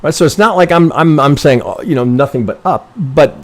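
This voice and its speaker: A man's voice: a little high, animated, fairly quick. A man teaching chart analysis on a live stream, talking casually and thinking aloud. He swears, keeps correcting himself and often checks in with "right?". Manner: rambling, profane, constantly self-correcting, asks "right?"; thinks aloud while working through charts. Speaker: trading educator reviewing member charts.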